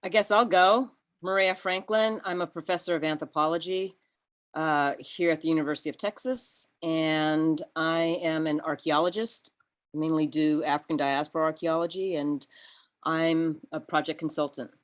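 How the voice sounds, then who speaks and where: A woman anthropology professor introducing herself in a measured, matter-of-fact way at a meeting. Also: sits low, fairly even intonation.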